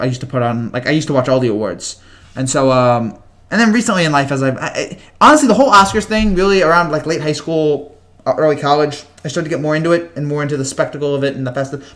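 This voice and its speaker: A young livestream host in his twenties talks with a fairly high, slightly bright voice. He casually reads viewer comments and chats in a rambling manner, full of fillers and halting restarts.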